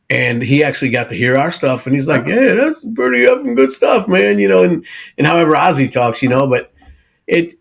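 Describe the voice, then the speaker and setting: Easygoing husky man in his sixties. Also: medium pitch. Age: 60s. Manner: easygoing, says bro and dude a lot. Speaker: podcast host. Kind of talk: casual chat. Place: home studio.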